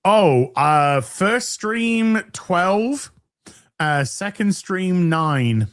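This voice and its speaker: Brief: male podcast host, slow talker, very animated pitch, rambling. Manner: rambling, restarts, chuckling. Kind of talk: casual chat.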